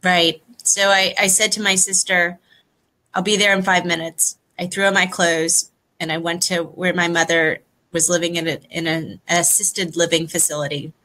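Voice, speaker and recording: A woman on a video call telling a personal story, emotional and near tears, speaking softly with halting pauses. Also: on the low side, flat delivery, low-quality recording. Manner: soft, halting, pausing often. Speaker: guest.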